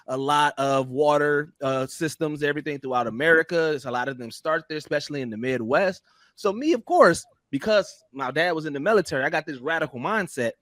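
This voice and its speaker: Male podcast co-host, slightly raised pitch, earnest halting storyteller, dry close mic. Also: fairly bright tone, no room sound. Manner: halting, restarts, earnest build-up. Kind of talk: comedic improvised storytelling.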